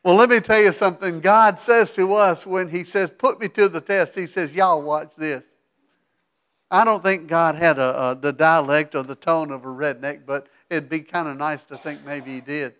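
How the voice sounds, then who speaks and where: A man with a high-pitched voice, a pastor, gives a lively sermon in a church sanctuary, swelling to emphatic climaxes and softening to a whisper for asides. He keeps a moderate pace with few pauses.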